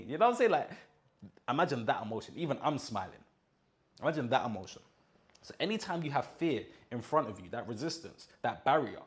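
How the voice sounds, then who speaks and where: A young man giving a casual motivational monologue, emphatic and full of slang, often checking in with his listener. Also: medium pitch. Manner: emphatic, repeats points and checks in with "do you understand?". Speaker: mindset content creator.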